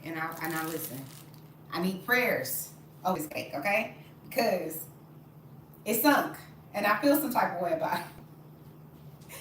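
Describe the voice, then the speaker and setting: A woman's voice: mid-range voice, fairly bright tone, distant mic. A woman, chatting expressively to her live-stream viewers while she bakes in her home kitchen. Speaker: vlogger baking at home. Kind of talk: casual live-stream chat. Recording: very echoey room, off-mic, noisy.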